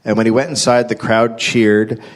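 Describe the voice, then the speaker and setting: A man's voice: lowish voice, little pitch movement, normal speed. A man hosting a live comedy podcast, reading out a history story from notes with dry, wry asides. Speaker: host and storyteller. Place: live stage before an audience.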